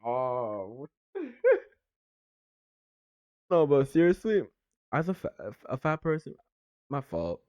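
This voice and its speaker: A man's voice: medium pitch, very animated, slow, long pauses, darkish tone, dry recording, clean studio sound. A man reacting on a live stream in a laid-back, slangy way, talking to his viewers.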